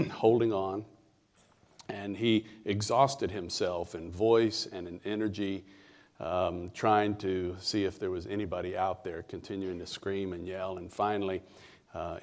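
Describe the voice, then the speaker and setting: Low-voiced male pastor telling stories. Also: level tone, a little mellow. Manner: storytelling, conversational with fillers and dramatic pauses. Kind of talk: sermon.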